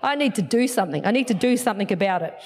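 A woman pastor, telling a story in a sermon and acting out the dialogue. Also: rapid-fire. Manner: animated, acts out dialogue with big swings in pitch.

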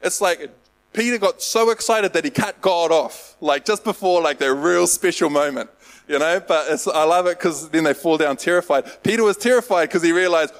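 A man's voice: on the high side, fairly quick, rough recording. A man preaching a casual sermon, rambling and self-deprecating, with lots of fillers. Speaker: pastor.

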